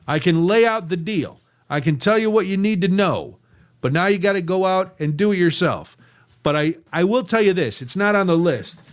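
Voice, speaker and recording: A man hosting a night radio talk show, chatty and joking as he reads out listener texts. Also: a little high. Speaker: radio host. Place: radio studio.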